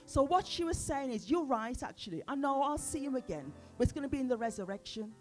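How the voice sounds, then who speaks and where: Female preacher, sermon, fairly high-pitched, engages the congregation with questions; soft instrument music underneath. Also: sing-song, normal speed. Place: church service.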